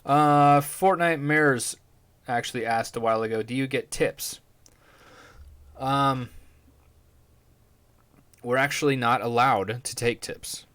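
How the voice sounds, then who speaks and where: A man's voice: mid-range voice, slow pace, long pauses, fairly bright tone, clear, resonant tone. A man hosting a podcast, talking casually in a rambling, profane, laid-back way. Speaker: podcast host. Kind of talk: casual chat.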